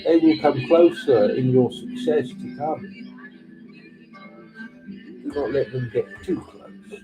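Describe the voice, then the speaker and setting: A man hosting a live tarot reading stream, giving measured, slow pronouncements with dry teasing asides. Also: medium pitch, poor audio. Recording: music playing underneath.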